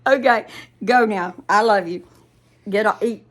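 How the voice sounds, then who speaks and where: A woman's voice: medium pitch, unhurried. An older woman hosting a casual vlog, telling a rambling story and giggling often as she talks to her viewers. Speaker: vlog host.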